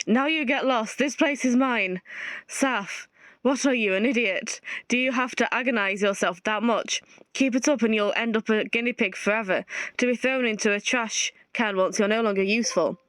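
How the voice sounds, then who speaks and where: The clip features a gamer narrating her visual novel playthrough, reading each character's part aloud and commenting along the way. She speaks at a moderate pace in a slightly high, somewhat bright voice, with no echo.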